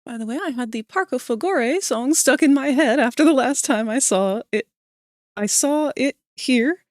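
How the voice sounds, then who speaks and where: A young woman streaming live while drawing, chatting casually with her viewers, sleepy but breaking into animated, laughing bursts. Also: high-pitched, normal speed, no room sound, studio quality.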